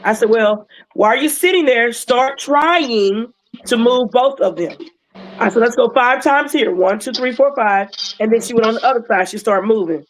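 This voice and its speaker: A woman's voice: fairly high pitch, normal speed, a little hiss or hum, low-quality recording. Emotional woman telling a story. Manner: animated, emotional retelling with acted quotes. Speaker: wellness patch seller sharing a client story. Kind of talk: casual storytelling on a livestream.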